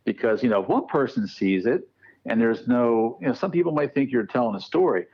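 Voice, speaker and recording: A man with a medium-pitched voice tells a ghost story a little fast, acting out what people said as an animated storyteller. He's a guest paranormal researcher in casual podcast chat, and the recording has its highs cut off.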